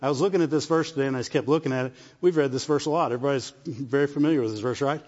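A man's voice: mid-range voice, rapid-fire, darkish tone. Man preaching in an echoing hall. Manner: call-and-response asides, repeats phrases. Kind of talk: sermon. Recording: dull sound with long reverb in a hall.

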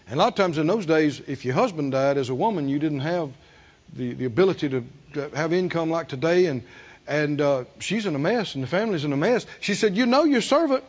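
A man preaching a sermon, animated, acting out the people he quotes and asking the congregation questions. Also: on the high side, a little fast. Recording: dull lo-fi sermon recording.

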